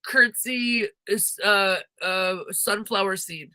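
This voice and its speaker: A man co-hosting a comedy podcast, adding quick jokes and deadpan punchlines. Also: sits high. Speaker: podcast co-host. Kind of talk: comedic banter.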